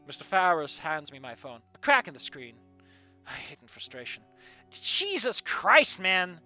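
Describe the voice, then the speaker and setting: A man reading a story aloud and breaking off with animated, sarcastic asides to the characters. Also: fairly high pitch, unhurried, soft background music. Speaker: fanfiction reader.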